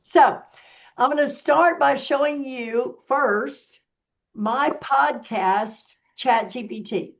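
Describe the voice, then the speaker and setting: A woman giving a casual teaching talk as a workshop presenter, with an animated, sassy manner, explaining step by step. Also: on the high side, lo-fi sound.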